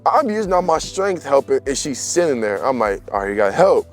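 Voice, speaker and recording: A man's voice: medium pitch, big pitch swings, a little fast, soft background music. A young man telling a story in casual, slangy chat and laughing as he goes.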